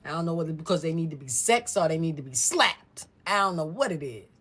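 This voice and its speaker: Low-voiced woman telling a family story. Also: fast, husky. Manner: animated, mimics other people's voices. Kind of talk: casual storytime chat.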